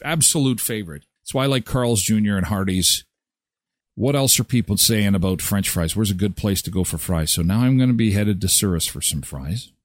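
A man's voice: lowish voice, no echo, clean studio sound. A man hosting a morning show, chatting casually and rambling with self-mocking asides. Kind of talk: casual live radio chat.

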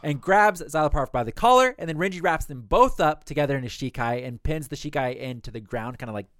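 A man co-hosting a podcast, rapidly retelling a story in casual chat and swearing freely. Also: a little high, animated, a bit bright, no room sound, clean studio sound. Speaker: podcast co-host recapping an episode.

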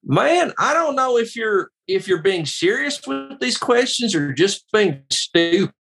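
A man's voice: sits high, big pitch swings, a little slow, vocal fry, fairly bright tone, voice pushed up, heavily acted. A man doing an impression of a blunt male country singer with a twang. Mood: exasperated.

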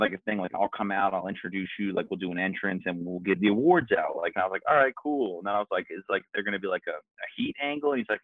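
Podcast co-host, male, very low voice, dry tinny phone-like sound, rambling anecdotes. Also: no room sound. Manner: rambling storyteller, acts out quotes. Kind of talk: casual chat.

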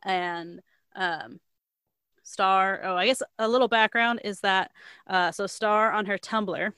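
A woman's voice: medium pitch, takes it slowly, pushed and bright, clean tone, dry recording. A woman casually retelling the plot of a novel in a rambling way, full of fillers and the odd swear word.

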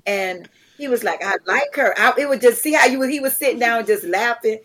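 Animated woman telling stories. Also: fairly high pitch, brisk. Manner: animated, acts out quotes, many restarts. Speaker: guest, charity founder. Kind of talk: conversational storytelling.

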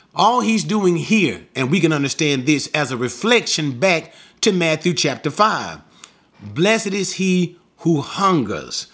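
A man's voice: a little high, fairly bright tone. A man teaching a Bible passage verse by verse, emphatic, posing rhetorical questions and answering them himself.

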